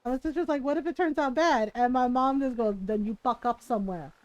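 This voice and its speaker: High-voiced chatty woman game streamer. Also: fairly quick, muffled recording, noisy background. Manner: chatty anecdotal storytelling, acts out family quotes. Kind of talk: casual live-stream chat while playing.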